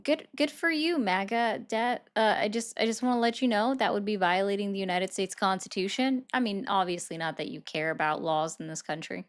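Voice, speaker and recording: A woman's voice: medium pitch, a little fast, hardly any pauses. A woman hosting a political livestream, chatting casually and sarcastically while reading and answering viewer comments. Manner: sarcastic, chatty, talks straight to chat.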